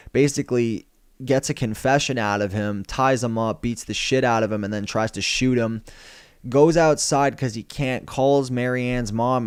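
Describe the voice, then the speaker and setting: A man's voice: medium pitch, a little mellow, clear, resonant tone, no room sound, studio quality. A young man casually recapping a film plot, swearing freely and rambling as he tells it. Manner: profane, rambling storyteller. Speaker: film reviewer.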